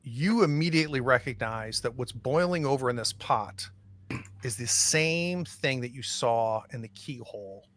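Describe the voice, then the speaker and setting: A man's voice: medium pitch, lively intonation, normal speed, fairly bright tone. A man acting as game master in a tabletop horror game, checking in with each player and describing what they notice. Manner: checks in on players one by one with questions.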